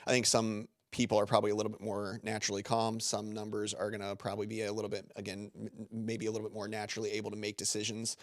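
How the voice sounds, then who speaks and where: A man's voice: fairly low pitch, monotone, very fast, few pauses, no echo, clean studio sound. Man rambling casually as podcast guest. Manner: rambling, full of filler words and self-corrections. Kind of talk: casual interview talk.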